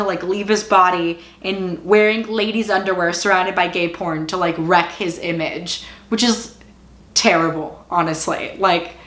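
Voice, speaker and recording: A woman's voice: lowish voice, a bit bright, reverberant. A woman casually recapping and reviewing a TV series, chatty and full of "like," and openly invested in the story. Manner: chatty, fills speech with "like"; emotionally invested, exclaiming. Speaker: TV show reviewer.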